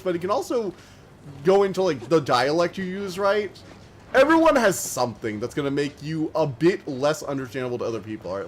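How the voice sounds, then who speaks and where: Fast-talking, slightly high-voiced male streamer. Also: a little hiss or hum. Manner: talks fast and slurs words together; chatty and rambling, many fillers. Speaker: game streamer. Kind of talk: casual live-stream chat while gaming.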